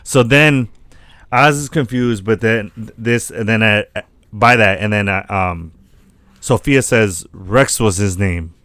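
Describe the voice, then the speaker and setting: A man co-hosting a podcast, retelling a TV episode in a casual, animated way and acting out the characters' lines with plenty of swearing. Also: lowish voice, slow pace, dry recording. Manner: animated retelling, acts out quotes, swears a lot. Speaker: podcast co-host. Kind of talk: casual chat recapping a TV episode.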